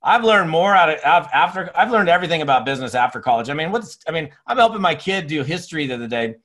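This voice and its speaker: A man in his fifties giving a motivational sales training talk, telling stories in an energetic, chatty way full of restarts. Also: a little high, fast. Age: 50s. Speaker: network marketing speaker and trainer. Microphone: webinar recording.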